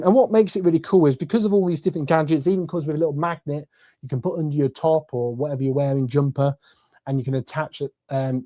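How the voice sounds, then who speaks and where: A man's voice: on the high side, mellow. A man giving a casual, enthusiastic camera review from his bedroom, chatty and full of fillers, his voice a little tired. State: voice tiring from talking. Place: bedroom at home.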